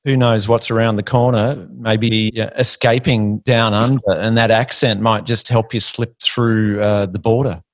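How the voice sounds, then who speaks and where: A man's voice: fairly low pitch, fairly even intonation, a little slow, hardly any pauses, dry recording, clean studio sound. A middle-aged Australian man hosting a casual interview, friendly and calling his guest "mate". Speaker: podcast host.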